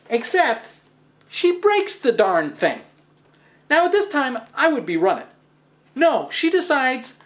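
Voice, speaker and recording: A man hosting a stand-up style physics talk, telling stories with wry, animated asides and self-deprecating humor. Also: extremely high pitch, slow pace. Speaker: host.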